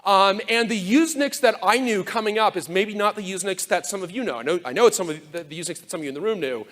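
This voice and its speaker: Animated, sardonic man giving a conference talk. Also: sits high. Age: older. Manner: animated, sardonic, quick asides and mock quotes. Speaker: conference speaker. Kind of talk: live conference keynote. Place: conference room with an audience.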